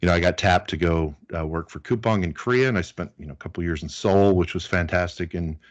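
Deep-voiced, chatty middle-aged man. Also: quick pace, muffled recording. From United States. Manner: chatty, anecdotal, many fillers. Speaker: interview guest. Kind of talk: casual conversational interview.

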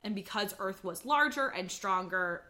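Bright-voiced chatty woman podcast host. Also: mid-range voice, animated, moderate pace. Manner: chatty, explains facts with many ums. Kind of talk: casual chat.

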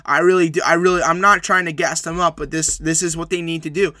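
Bright-voiced man recapping football. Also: a little high, steady tone, fast talker, no room sound. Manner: opinionated, emphatic predictions with repeated phrases. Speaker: sports podcast host. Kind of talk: solo sports recap.

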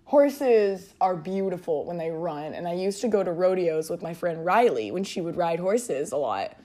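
A woman's voice: lowish voice, lively intonation, moderate pace, mellow. Chatty rambling woman podcaster. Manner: rambling, filler-heavy, chatty, amused by herself. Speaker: podcast host. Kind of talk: casual solo podcast monologue. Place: at home, alone.

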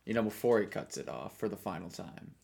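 A man's voice: sits low, animated, fast, vocal fry, darkish tone. A man co-hosting a laid-back wrestling podcast. He talks in a skeptical, needling way, pushing back on his partner and questioning everything. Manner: skeptical, needling, plays devil's advocate. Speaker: podcast co-host. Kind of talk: casual wrestling review chat.

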